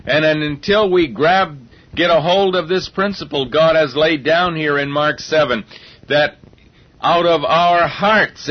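A man preaching a sermon in an earnest, reasoning way, often repeating words as he builds his point. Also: a little high. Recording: dull lo-fi recording.

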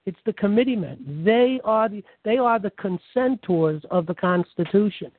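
A man's voice: sits high, animated, normal speed, no echo. A man from New York State on a conference call, talking emphatically and pushing his points. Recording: tinny phone line, dry.

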